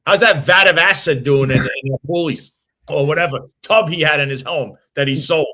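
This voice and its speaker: Man, New York accent, talk show host, casual political chat, blunt, sharp bright tone. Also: a little high, moderate pace. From New York City. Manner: blunt, combative, tossing off insults.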